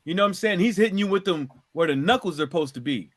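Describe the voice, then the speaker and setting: A man with a high voice argues his points on a casual boxing panel. He is emphatic and insistent, and keeps checking that he is understood. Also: lively intonation, fast. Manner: emphatic, insistent, keeps saying "you know what I'm saying". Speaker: panel guest.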